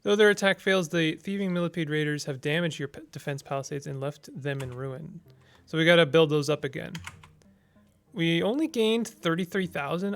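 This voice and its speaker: Smooth-voiced man narrating a strategy game. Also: on the high side. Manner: thinking aloud, hesitant with restarts while deciding moves. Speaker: gamer playing a text-based strategy game. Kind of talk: casual let's play commentary, reading game text aloud.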